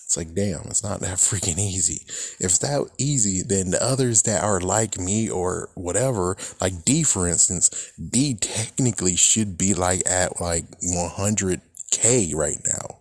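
A man with a somewhat low voice vents in a loose, rambling monologue full of swearing and frustration. His sound is dry and close, with no room around it. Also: measured pace, a little mellow, dry recording. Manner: frustrated, profane, rambling rant. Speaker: YouTuber. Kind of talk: casual ranting vlog.

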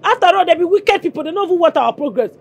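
An actress with a Nigerian Pidgin accent playing a brash, boastful daughter in a Nollywood film. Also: female voice, extremely high pitch, animated, rapid-fire. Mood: defiant. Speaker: daughter on the phone with her mother.

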